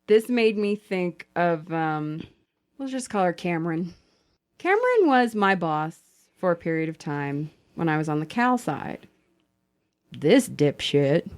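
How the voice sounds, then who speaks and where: A woman hosting a podcast, telling stories in casual chat with plenty of swearing. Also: fairly low pitch. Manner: animated, profane storytelling. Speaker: podcast host.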